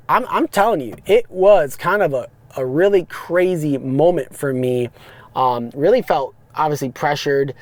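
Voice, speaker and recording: A chatty man spins his driving stories in a loose, rambling way. He restarts sentences and piles on fillers. His voice sits a little high, and the sound is close and dry. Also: no echo. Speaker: podcast host, rideshare driver. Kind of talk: casual storytelling monologue. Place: parked car.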